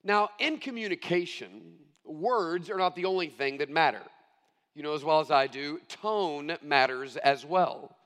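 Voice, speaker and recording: A middle-aged male pastor preaching a sermon, earnest and emphatic, stressing key phrases slowly. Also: on the high side, expressive, a bit bright, big-room sound.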